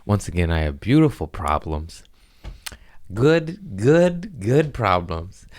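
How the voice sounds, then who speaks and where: A man's voice: on the low side, very animated, slow, darkish tone. A man hosting his podcast in a casual, rambling way, tired and self-mocking, swearing freely. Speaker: podcast host. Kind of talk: casual chat.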